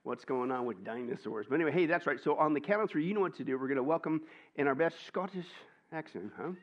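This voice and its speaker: A man's voice: a little high, quick pace, dull audio. A male pastor giving church announcements in an upbeat, jokey way, asking and answering his own questions.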